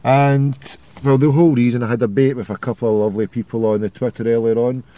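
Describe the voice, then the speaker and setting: A man's voice: mid-range voice, fairly even intonation, quick pace, warm tone, dry recording. A Glaswegian man hosting a call-in show, ranting with sarcasm and heavy swearing. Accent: Glasgow Scottish. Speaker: radio show host. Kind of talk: ranting opinion monologue.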